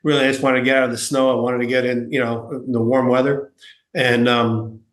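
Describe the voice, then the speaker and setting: A man's voice: medium pitch, level tone, a little fast. A man from New York with a New York accent, telling stories as a guest in a casual interview, rambling and self-deprecating with many fillers and restarts. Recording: echoey room.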